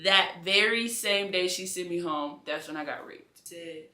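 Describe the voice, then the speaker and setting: A woman's voice: lowish voice, a little slow, hardly any pauses, sharp tone. A young adult woman giving an earnest, conversational personal faith testimony as an interview guest, with casual slang. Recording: echoey room.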